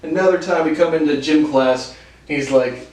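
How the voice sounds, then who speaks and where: A man's voice: fairly high pitch, moderate pace, a little mellow. A young man telling casual stories with lots of laughs, restarts and fillers. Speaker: podcast host. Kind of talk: casual storytelling. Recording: roomy, distant from the mic.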